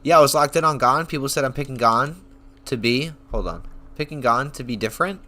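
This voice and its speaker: Excitable bright-voiced male streamer. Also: mid-range voice, fairly quick. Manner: excitable, profane, rambling storytelling. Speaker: online streamer. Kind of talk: casual reaction rant.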